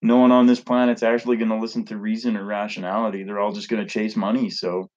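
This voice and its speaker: A man ranting to camera in a blunt, profane and rambling way. His voice sits fairly low. The home recording sounds dull and lo-fi. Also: level tone, quick pace, darkish tone. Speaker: vlogger. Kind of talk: casual rant to camera.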